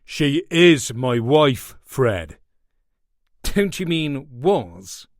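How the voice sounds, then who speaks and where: A man voicing a big, hard ex-convict who talks calmly and drily. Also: medium pitch, extremely slow, no room sound, clean studio sound, heavily acted. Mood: cool.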